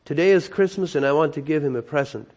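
A man's voice: fairly high pitch, fast talker, darkish tone, lightly acted. A man doing a pleading little girl. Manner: pleading, tearful, raised voice.

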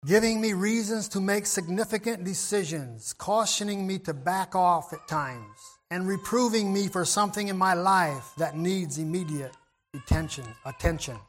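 High-voiced man preaching a gentle sermon. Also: normal speed, few pauses, soft background music. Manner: gentle, reflective, with frequent throat clearing and restarts.

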